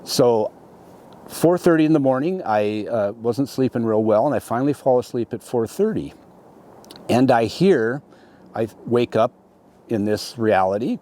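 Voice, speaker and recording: A middle-aged man, an interview guest, telling a story in a rambling, halting way, full of restarts and "you know". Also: mid-range voice, expressive, dark tone, slight background noise. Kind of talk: conversational storytelling.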